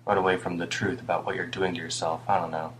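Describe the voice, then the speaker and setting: A male audiobook narrator voices a weary older homeless British man who rambles ruefully and blames himself in a deep, low voice, sometimes muttering. The delivery is flat, fast and a bit bright, over a faint hum in a rough recording.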